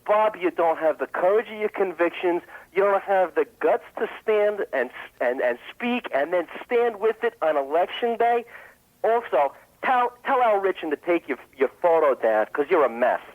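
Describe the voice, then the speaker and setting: A man on a call-in show, ranting with sarcastic scorn over a tinny phone line. His voice sits fairly high and moves around a lot in pitch. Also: expressive, normal speed. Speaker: caller. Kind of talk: call-in radio rant.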